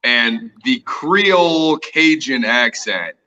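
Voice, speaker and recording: A man's voice: mid-range voice, lively intonation, slow, sharp tone, muffled recording. A man from Southern Arkansas chatting easily on a casual podcast.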